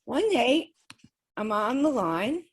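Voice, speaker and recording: A woman's voice: a little high, very animated, takes it slowly, slightly rough. A woman speaking as an interview guest, telling a personal story in a casual, chatty way with frequent small laughs. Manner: chatty, laughs often between sentences. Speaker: guest describing spirit communication experiments.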